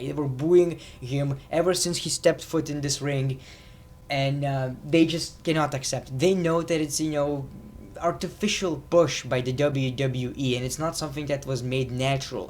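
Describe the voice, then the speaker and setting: A man hosting a casual video review of a wrestling show, chatty and opinionated, with sarcastic asides. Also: mid-range voice.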